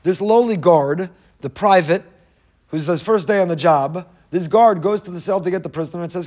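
A man's voice: sits high, normal speed, darkish tone. A man, a rabbi, teaching a Torah class full of parables, asking rhetorical questions and mixing in Hebrew quotes.

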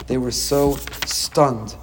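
A middle-aged man teaching a Torah class as a rabbi, dramatic and animated, with quick humorous asides. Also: mid-range voice, in a large hall, noisy background.

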